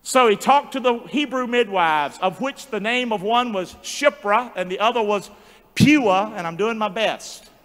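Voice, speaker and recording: A male pastor preaching a sermon with animated call-and-response and joking asides in a large church. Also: high voice, measured pace. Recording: long church hall reverb.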